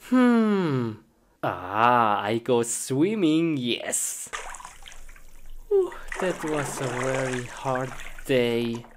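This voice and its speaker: A woman's voice: extremely low pitch, sing-song, extremely slow, heavily acted. A woman voicing Steve, an easily frustrated young man in a homemade game animation, who blurts short exclamations and giggles often. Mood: playful. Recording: noisy homemade recording.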